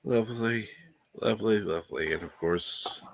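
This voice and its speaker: A man's voice: fairly low pitch, normal speed. A man hosting a casual livestream from home, reading viewer comments aloud and swearing casually. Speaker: livestream host. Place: room at home.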